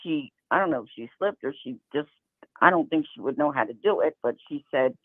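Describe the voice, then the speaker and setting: A man's voice: on the high side, lively intonation, brisk, no echo. A man calling in to a talk show, talking in a hesitant, rambling, suspicious way. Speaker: caller. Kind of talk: phone-in call. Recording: phone line.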